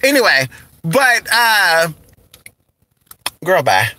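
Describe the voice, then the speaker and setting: A man's voice: high voice, heavy background noise. A man hosting a casual livestream, talking in a sassy, campy way and reading his chat. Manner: sassy, campy, drawn-out and expressive. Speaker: channel host reading live chat.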